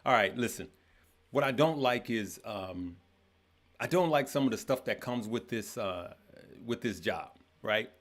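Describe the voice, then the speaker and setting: An unhurried, expressive father with a fairly low, slightly bright voice hosts a laid-back live stream. He calls out viewers by name, stumbling now and then, and keeps the chat loose and filler-heavy.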